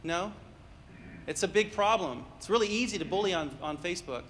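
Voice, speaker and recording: A man with a high, animated, slightly bright voice speaks fairly quickly while counseling parents at a live workshop. He tells stories, acts out the voices in them, and keeps checking in with the audience and asking questions. Long hall reverb and faint room noise surround him.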